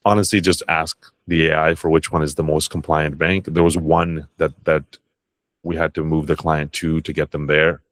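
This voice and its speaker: A man with a very deep, level voice speaks at a moderate pace while teaching an online masterclass on crypto and banking. As a crypto tax educator, he's casual and blunt, swearing occasionally and briefly imitating bank staff.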